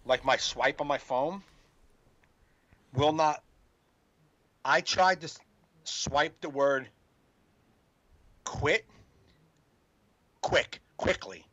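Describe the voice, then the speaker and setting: A man's voice: on the high side, fairly bright tone, lo-fi sound. A man co-hosting a podcast in casual chat, agreeing often and telling his own stories. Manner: agreeable, frequent quick back-channel replies. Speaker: podcast co-host.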